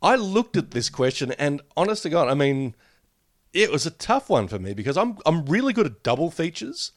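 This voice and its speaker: Animated, jokey podcast man. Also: fairly high pitch, normal speed, no echo, clean studio sound. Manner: animated, jokey, acts out quotes. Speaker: podcast co-host. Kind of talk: casual chat.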